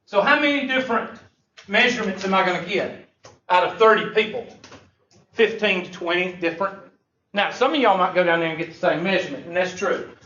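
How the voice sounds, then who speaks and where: A man's voice: sits high, fairly quick, sharp tone. A man teaching a math class, joking and folksy as he lectures. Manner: joking, folksy, drawled Southern phrasing. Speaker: math instructor. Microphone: far room mic. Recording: echoey, distant, muffled classroom recording.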